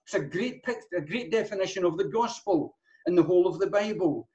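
A man's voice: sits high, brisk, mellow, muffled recording. A man preaching a sermon as the church's pastor, earnest, often restarting and repeating words.

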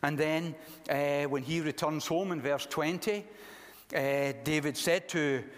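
A man's voice: fairly high pitch, steady tone, unhurried. A man preaching a sermon in a conversational way, with frequent fillers and restarts. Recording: long reverb of a large hall.

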